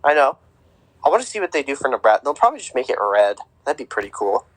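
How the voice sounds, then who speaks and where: A man's voice: medium pitch, big pitch swings, quick pace, a bit bright, dry recording, rough recording. A young man co-hosting a podcast, chatting casually about sports with a rambling, filler-heavy way of talking. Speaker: podcast co-host.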